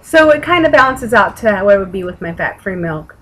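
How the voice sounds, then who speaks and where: A woman's voice: medium pitch, sing-song, a little fast, a bit bright, poor audio. A woman with a Texan accent, tired and yawning, chatting casually to camera from home in a rambling way with the odd swear. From Texas. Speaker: weight-loss vlogger. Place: home room with an open window. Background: outside noise through the window.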